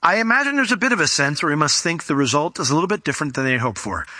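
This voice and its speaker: A man's voice: on the high side, big pitch swings, very fast, pushed and bright, no room sound. A man preaching a conversational Bible teaching, folksy in his delivery and fond of acting out the people in the story. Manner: folksy, acts out quoted voices.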